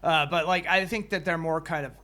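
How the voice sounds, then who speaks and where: A man's voice: fairly high pitch, fairly quick, sharp tone. A man in his late thirties co-hosting a podcast, chatting casually and hedging his points. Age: 30s. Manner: hedging, says "kind of" a lot. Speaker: podcast co-host. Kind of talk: casual chat.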